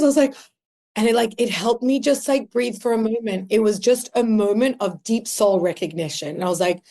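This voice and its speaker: Australian woman in her 30s, podcast guest, mellow and warm tone, animated storyteller, a touch higher voice. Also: brisk. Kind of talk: casual conversational storytelling.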